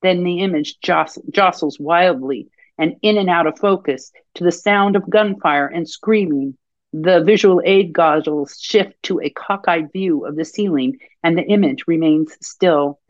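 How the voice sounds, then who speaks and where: A woman podcast host and author reading her own fiction aloud in a measured storytelling voice. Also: fairly low pitch, no echo, dull audio.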